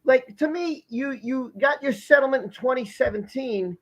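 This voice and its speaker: A man's voice: extremely high pitch, normal speed, a bit bright, muffled recording. A man hosting a live stream, asking rhetorical questions in a repetitive, casual way.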